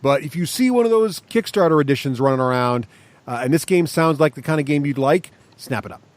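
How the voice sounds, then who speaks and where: A man's voice: fairly high pitch, dry recording. A man co-hosting a podcast, talking eagerly about a game. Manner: enthusiastic, quick, lively. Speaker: podcast co-host. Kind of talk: casual chat.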